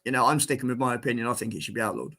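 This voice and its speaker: A man's voice: mid-range voice, very fast, pushed and bright. A man from England, a guest on a podcast, telling stories and giving blunt opinions in casual chat. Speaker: guest, disability cricketer.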